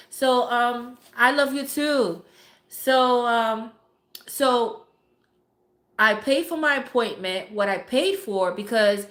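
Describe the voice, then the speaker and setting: A woman's voice: mid-range voice, fairly bright tone. A woman hosting a casual live stream, talking bluntly and cursing often while greeting viewers by name. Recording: echoey room.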